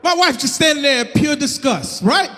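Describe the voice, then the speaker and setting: Male comic, 30s, loud and animated, high pitch, live stage set with hall echo. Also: normal speed. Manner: loud, shouting, animated storytelling. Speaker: stand-up comedian. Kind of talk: live stand-up comedy. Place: comedy stage in Miami.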